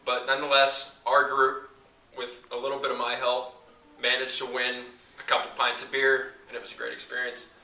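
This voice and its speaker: A young man student tells a laid-back story about his trip and slips in dry jokes. His voice is very bright and forward. He sits back from the mic in an echoey room. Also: medium pitch, monotone, moderate pace, far from the mic.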